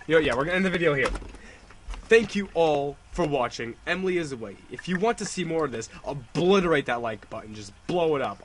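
A man's voice: mid-range voice, a little hiss or hum. A young Canadian man hosting a gaming channel, joking through casual commentary and a hyped outro. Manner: jokey, hyped outro delivery. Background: background music.

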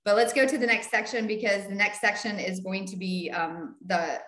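A middle-aged woman, leading a Bible study and telling a story in animated casual chat. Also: medium pitch, normal speed. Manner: animated, acts out quoted voices. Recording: echoey room.

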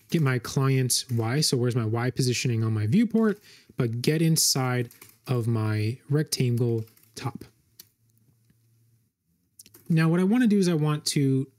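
A man's voice: medium pitch, a little mellow. Male tutorial host, mid-range voice, casual screen-share walkthrough, lots of fillers and self-corrections, keyboard typing behind. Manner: thinks aloud while typing, frequent fillers and self-corrections. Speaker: web design tutorial host. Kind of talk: screen-recorded coding walkthrough.

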